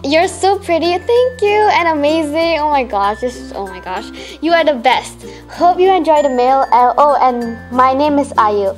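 High, lively gushing teen girl. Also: moderate pace, few pauses, faint music behind. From Malaysia. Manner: gushing, excitable fangirling with many "oh my gosh". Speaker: vlogger. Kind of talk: unboxing fan mail vlog.

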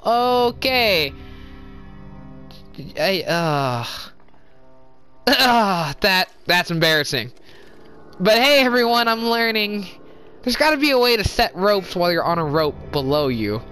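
A woman's voice: mid-range voice, a bit bright. Chatty woman gamer over game music. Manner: chatty, apologetic, quick to exclaim. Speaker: let's play gamer. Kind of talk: casual gameplay commentary.

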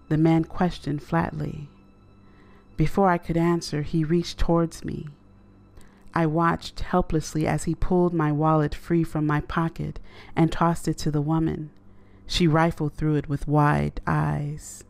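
Slow, low-voiced woman narrating horror. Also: little pitch movement, vocal fry, a little mellow, faint music behind.

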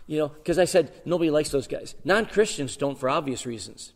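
A man's voice: fairly high pitch, fairly quick, few pauses, big-room sound. Sixty-something pastor telling his story. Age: 60s. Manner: animated storytelling with dramatic swings in loudness. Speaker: guest pastor. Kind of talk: sermon with personal testimony. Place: church sanctuary.

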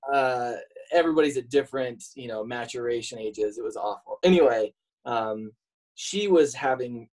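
A man's voice: medium pitch, moderate pace, darkish tone, poor audio. A man in his forties, a podcast guest, chatting casually and telling jokey, self-mocking stories. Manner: joking, self-mocking storyteller. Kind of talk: casual interview chat.

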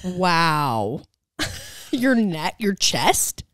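This podcast host speaks with a lowish, fairly bright voice, drawing out words and swinging widely in pitch. She teases, talks bluntly, and giggles often while chatting and reading an ad in her parents' living room. The sound is echo-free studio quality.

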